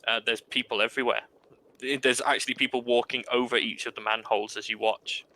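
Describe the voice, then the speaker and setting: A man narrating as game master for a tabletop game, describing scenes in a relaxed, hesitant way. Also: medium pitch, fairly quick, rough recording. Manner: relaxed, hesitant with many ums.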